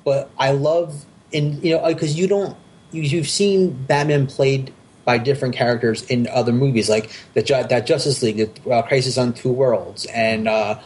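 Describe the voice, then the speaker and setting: Male podcast host, mid-pitched, eager and rambling, casual chat. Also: steady tone, normal speed, darkish tone. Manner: enthusiastic, rambling with frequent restarts.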